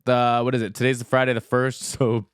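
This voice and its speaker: Excitable laughing man, dry close sound. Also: medium pitch, fairly quick, clear, resonant tone, no echo. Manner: excitable, laughs often, heavy on "like" fillers, swears casually. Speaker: music reaction host. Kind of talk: casual reaction commentary.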